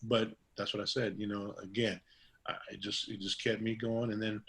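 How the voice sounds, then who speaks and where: A man's voice: fairly low pitch, level tone, moderate pace, fairly bright tone. A middle-aged man, a barber, telling stories in a casual interview, rambling with many fillers and restarts and acting out quoted dialogue. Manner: acts out quoted dialogue in a raised voice. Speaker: guest barber.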